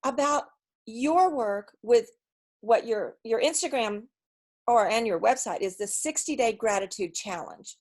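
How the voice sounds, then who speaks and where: A woman's voice: fairly high pitch, measured pace, darkish tone. A woman hosting a conversational interview over a video call, chatty and candid, often jumping in with asides. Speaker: interview host.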